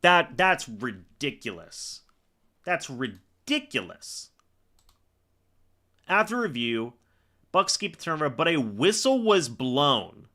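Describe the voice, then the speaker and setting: A man's voice: a little high, sing-song, slow pace, long pauses, sharp tone. A man on a live stream calling each play and ranting in angry exasperation at the referees. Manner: reads plays aloud like commentary. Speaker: sports reaction streamer.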